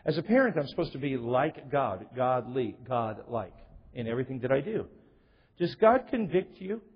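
A man's voice: fairly high pitch, husky. A middle-aged male pastor preaching a sermon in a church, emphatic, asking rhetorical questions and quoting scripture. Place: church sanctuary. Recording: lo-fi echoey church recording.

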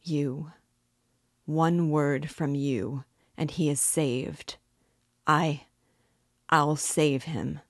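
Woman reader voicing a menacing, obsessive nobleman; low, slow, quietly intense. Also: steady tone, no echo, clean studio sound, exaggerated voice. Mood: pleading, feverish. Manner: slow, quietly intense pleading turning coldly mocking. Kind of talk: audiobook reading.

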